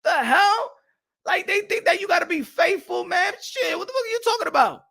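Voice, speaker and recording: A boxing show host delivers an opinionated rant, heated and full of profanity and mockery. His voice sits very high for a man and has a sharp, cutting edge. He laughs often between his jabs. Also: very animated, brisk, gravelly.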